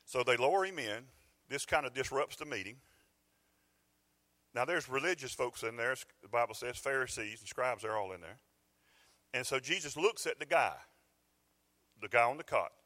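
A man's voice: medium pitch, expressive, moderate pace, pauses often, bright, forceful tone. A middle-aged man preaching a sermon in a church, folksy and conversational with bursts of emphasis. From Georgia, US. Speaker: pastor. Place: church sanctuary.

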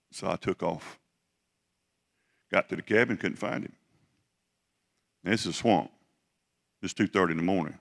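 A middle-aged man preaching, telling a personal story in a folksy, halting way with many restarts. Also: deep voice, steady tone, creaky. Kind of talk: sermon storytelling.

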